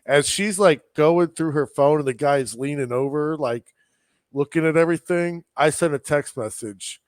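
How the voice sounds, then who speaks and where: A man's voice: a little high, moderate pace, no echo, clean studio sound. Man rambling through a casual anecdote. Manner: rambling anecdote, mimics people in the story. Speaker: podcast co-host. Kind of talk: casual chat.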